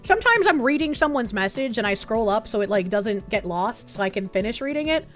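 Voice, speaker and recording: Woman, live streamer, casual chat, salty language, slightly high pitch. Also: big pitch swings, brisk, soft background music. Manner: swears freely, thinks aloud.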